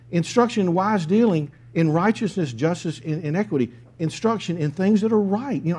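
A man's voice: a little high, dark tone, husky. A man preaching a sermon, emphatic, with key phrases repeated. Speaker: pastor.

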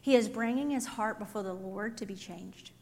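A woman's voice: mid-range voice, normal speed, creaky, a little mellow. Woman teaching Bible study, reverberant hall. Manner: conversational, acts out quoted lines, frequent ums.

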